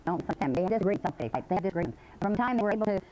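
Fast-talking older woman telling her story. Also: medium pitch, lively intonation, background noise. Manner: rambling, folksy storytelling. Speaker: recovery meeting speaker. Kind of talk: personal testimony talk.

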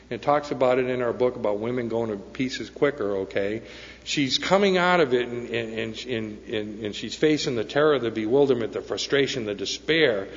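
A man sharing a personal story at a recovery meeting, earnest and peppered with "okay?" and "right?". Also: medium pitch. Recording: dull sound with long hall echo.

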